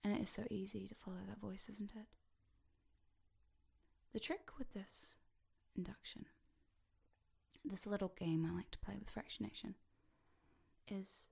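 A woman leading a playful hypnosis induction, teasing and mischievous, sliding between a soft whisper and a brighter speaking voice. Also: medium pitch, steady tone, a little slow, gravelly, pauses often, husky.

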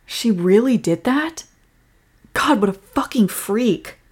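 Breathy whispering woman, comforting role-play. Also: a little high, animated, slow pace. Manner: soft, comforting, protective. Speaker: girlfriend in audio role-play.

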